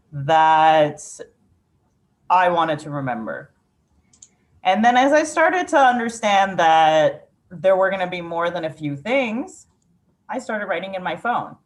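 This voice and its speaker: A woman poet from Ukraine, telling a candid, reflective story in a casual interview, with frequent "like" fillers. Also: on the low side.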